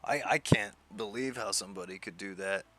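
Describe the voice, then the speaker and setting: A man's voice: lowish voice, brisk, a bit bright. A man streaming live, chatting casually with his viewers, chuckling often and repeating words as he answers them.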